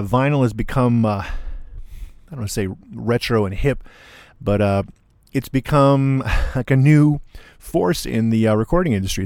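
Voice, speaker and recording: A man hosting a radio show as DJ, talking in a relaxed, rambling way with plenty of fillers. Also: on the low side, gravelly, no echo, studio quality. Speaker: radio DJ and programmer. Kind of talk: casual radio show talk.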